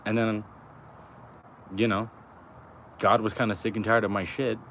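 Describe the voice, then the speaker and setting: A young man with a lowish voice talks in a loose, rambling way, swearing freely and leaning on fillers. He is outdoors by a road, with faint traffic noise behind him. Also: level tone, measured pace, fairly bright tone. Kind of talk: casual rambling chat.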